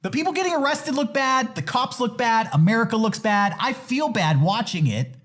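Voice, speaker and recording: A man with a notably high voice that swings widely up and down. He rants with animated energy in casual podcast chat and laughs often. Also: moderate pace. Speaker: podcast guest.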